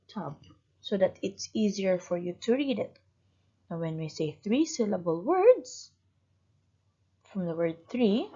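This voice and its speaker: Slow patient woman teaching young kids. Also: medium pitch, mellow, slightly rough, lo-fi sound. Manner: slow, patient, stretching out words. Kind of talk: recorded grade-school lesson.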